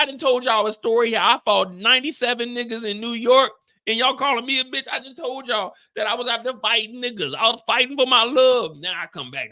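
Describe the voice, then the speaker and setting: Man, very high voice, lively swoops, bright tone, casual stream chatter, comic exasperation, tired. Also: quick pace, few pauses. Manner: animated, exaggerated comic exasperation; profane, repetitive storytelling. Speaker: show recap streamer. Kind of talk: casual live-stream chat.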